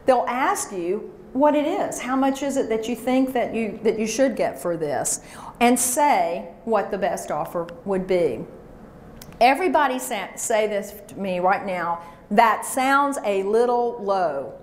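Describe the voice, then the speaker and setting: A woman's voice: mid-range voice, lively intonation, a little slow, a little mellow. A woman giving a live career workshop, coaching emphatically and drilling phrases with her audience. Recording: roomy echo, faint background noise.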